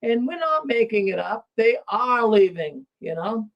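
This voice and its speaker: A man hosting a live call-in show, talking excitedly with many stumbling restarts. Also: high-pitched, unhurried, highs cut off.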